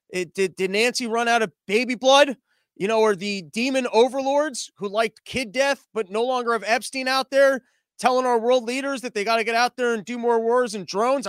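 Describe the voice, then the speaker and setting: High-voiced sarcastic ranting man. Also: dry recording, clean studio sound. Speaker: comedy show host. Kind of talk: comedic political monologue.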